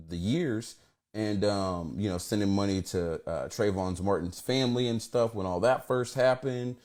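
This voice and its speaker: A man's voice: fairly low pitch, darkish tone. A man casually telling a long personal story on a livestream, rambling with many fillers and restarts. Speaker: organization founder. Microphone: phone camera.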